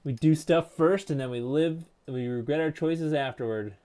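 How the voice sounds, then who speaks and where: A man's voice: on the high side, normal speed. Man muttering while he solders. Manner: mutters to himself, thinks aloud while working; quiet and offhand, jokey asides. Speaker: streamer. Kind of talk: casual live-stream commentary while soldering.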